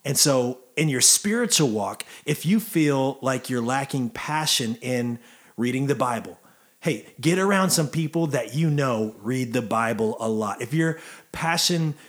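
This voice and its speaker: An upbeat man in his forties hosts a relaxed church conversation. He sits at an average pitch and talks in an encouraging, easy way, urging listeners on with friendly energy. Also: a little slow. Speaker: host, church songwriter. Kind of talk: casual faith conversation.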